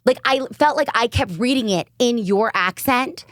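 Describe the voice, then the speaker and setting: A woman's voice: fairly high pitch, normal speed, dry recording, studio quality. Gushing Southern woman podcast host. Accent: Southern American. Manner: gushing, giggly. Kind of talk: casual interview chat.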